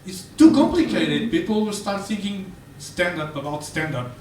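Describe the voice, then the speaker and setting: A man's voice: sits high, sing-song, moderate pace, a little mellow, slight background noise, pitched above the performer's own voice. A man voicing a frantic, insistent male friend who rants urgently in a raised voice, recorded on a roomy, distant mic. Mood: alarmed.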